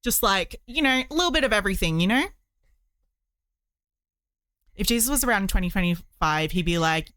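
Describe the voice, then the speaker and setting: Woman, casual streaming chat, rambling, smooth voice, dry close mic. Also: medium pitch, sing-song, fast talker, fairly bright tone, no room sound. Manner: chatty, rambling, lots of fillers. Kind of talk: casual chat while crocheting.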